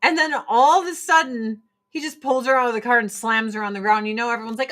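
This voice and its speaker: Bright-voiced woman ranting on a livestream. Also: a little high, fairly quick, hardly any pauses. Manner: profane, animated, mocking voices in quotes. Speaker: livestream host selling products. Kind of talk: casual livestream rant.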